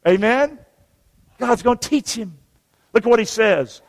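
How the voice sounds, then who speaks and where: Unhurried and sing-song, a very high-pitched pastor reads scripture aloud in a folksy, conversational sermon and calls on the congregation to repeat after him. The recording carries a large hall's long reverb.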